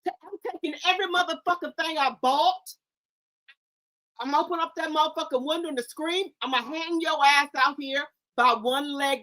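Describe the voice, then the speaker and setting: A woman with a high, piercing voice rants into her livestream, loud, confrontational and thick with profanity. She stammers through repeated words and keeps hurling rhetorical questions, her tone sharp and bright throughout. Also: normal speed.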